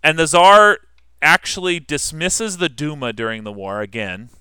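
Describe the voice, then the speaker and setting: A man's voice: a little high, normal speed, bright, forceful tone, smooth, no echo, clean studio sound. A man teaching a history class in a casual, conversational way, asking his students questions and answering them himself.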